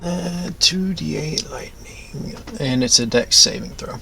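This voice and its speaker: Gravelly man giving tabletop game tips. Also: fairly high pitch, takes it slowly, pushed and bright, soft background music. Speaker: player. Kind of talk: playing a tabletop game over voice chat.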